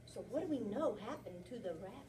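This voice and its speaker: A kindergarten teacher reading a picture book aloud to young children, asking them lots of animated, coaxing questions in a classroom. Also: female voice, a little high, fast talker, distant mic.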